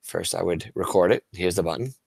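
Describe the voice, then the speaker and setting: A man's voice: deep voice, brisk, gravelly, breathy edge, no echo. A male teacher presenting a webinar to other educators, talking casually and enthusiastically while he demonstrates tools on screen. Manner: casual and enthusiastic, with frequent restarts and fillers.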